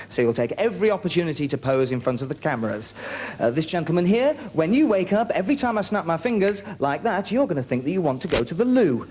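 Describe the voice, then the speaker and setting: On a VHS recording from a TV studio with an audience, a stage hypnotist hosts his show, coaxing and commanding his subjects. His voice sits on the high side and is a little mellow, with a bit of hiss or hum in the audio.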